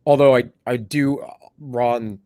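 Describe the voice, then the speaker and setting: A man hosts a casual livestream and talks loosely, stumbling and correcting himself as he goes. His voice is mid-pitched, and it sounds dry and close with no room echo. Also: fairly even intonation, takes it slowly, mellow. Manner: loose, rambling, self-correcting talk. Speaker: stream host.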